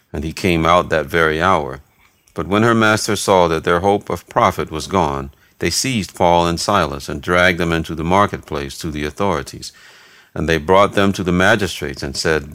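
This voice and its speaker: A man giving a steady, measured reading of scripture, voicing narration and quoted speech alike. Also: deep voice, no room sound. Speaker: scripture reader.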